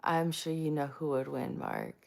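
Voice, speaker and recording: A woman's voice: deep voice, fairly even intonation, moderate pace, gravelly, a little mellow. A woman hosting a casual live stream, chatty and self-mocking, greeting viewers by name.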